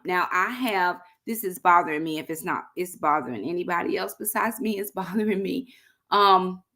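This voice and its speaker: A woman's voice: lowish voice, a bit bright. Chatty woman hosting a livestream. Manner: chatty, addresses viewers as y'all. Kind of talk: casual livestream chat.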